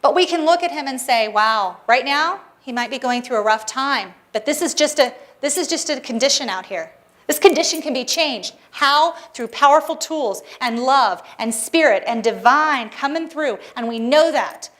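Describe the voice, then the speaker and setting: A woman's voice: high voice, lively intonation, moderate pace, a bit bright. A woman practitioner giving a Sunday sermon to her congregation, earnest and encouraging, with playful asides. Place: church service hall.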